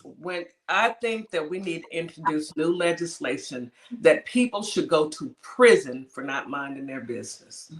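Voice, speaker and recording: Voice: medium pitch, lively intonation, moderate pace. Forthright co-host speaking in casual chat. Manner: forthright, indignant. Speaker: podcast co-host.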